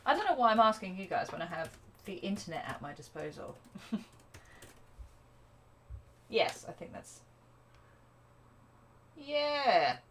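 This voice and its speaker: A woman teaching a live drum lesson, chatty and self-deprecating, counting beats out loud. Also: medium pitch, sing-song, a little slow, pauses often, slight background noise. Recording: drum kit playing loudly behind.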